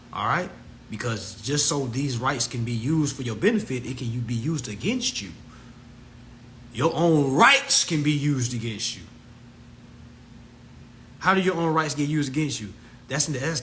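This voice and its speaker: A man hosts an animated, profane and preachy talk about law, and mimics others in shrill voices. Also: a little hiss or hum. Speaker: host. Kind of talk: livestream talk.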